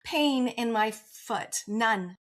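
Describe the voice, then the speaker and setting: A woman's voice: a little high, lively intonation, drawn-out words. A woman guest on a podcast interview, telling her personal story in an open, earnest way and laughing often.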